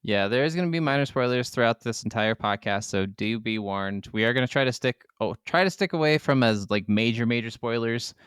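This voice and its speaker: A man's voice: mid-range voice, animated, a bit bright, clear, resonant tone, no room sound, studio quality. A man co-hosting a gaming podcast, chatty and casual, filling his talk with "like". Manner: chatty, lots of "like", quick agreeing interjections. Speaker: podcast co-host.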